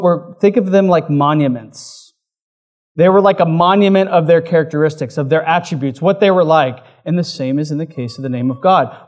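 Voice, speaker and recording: A man preaching a sermon in a relaxed, conversational way, with frequent fillers like "like". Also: a little high. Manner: conversational, uses many fillers. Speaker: pastor.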